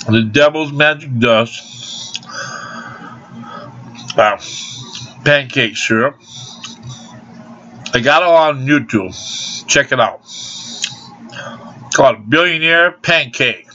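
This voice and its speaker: Man, casual vlogger, very slow drawl, bright tone, dull lo-fi home recording. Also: medium pitch, soft background music. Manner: loose and rambling, drawling, laughs between lines. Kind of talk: casual rambling vlog with off-key singing. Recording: dull lo-fi home video audio.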